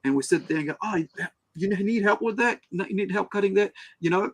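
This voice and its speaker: A man's voice: sits high, brisk, rough recording. A man, a podcast co-host telling stories in casual chat and acting out what others said. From New Zealand. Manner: animated storyteller, acts out quotes.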